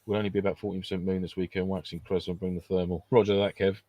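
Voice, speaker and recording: A man co-hosting a podcast, chatting casually with swearing, laughter and lively storytelling. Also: sits low, rapid-fire, slight background noise. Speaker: podcast co-host. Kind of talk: casual banter.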